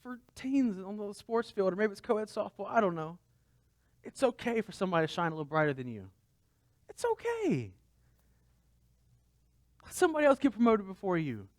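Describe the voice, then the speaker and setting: A man's voice: sits high, big pitch swings, quick pace, no room sound, clean studio sound. A man pastor preaching a conversational sermon, asking his listeners rhetorical questions.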